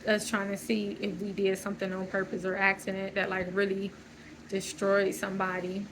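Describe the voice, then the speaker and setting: A woman's voice: mid-range voice, monotone, normal speed, background noise. A woman talking through a loose, searching personal monologue, full of fillers and restarts. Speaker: channel host.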